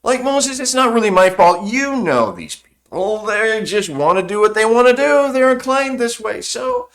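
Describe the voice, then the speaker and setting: A man's voice: sits high, big pitch swings, normal speed, fairly bright tone, pitched above the performer's own voice, exaggerated voice. A man voicing a sheepish, evasive man who shifts the blame in a whiny, wheedling tone.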